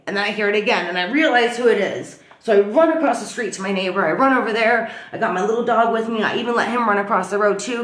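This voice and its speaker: A woman vlogger telling a story in a chatty, animated way, full of fillers. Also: on the high side, reverberant. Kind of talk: casual storytelling to camera. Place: at home.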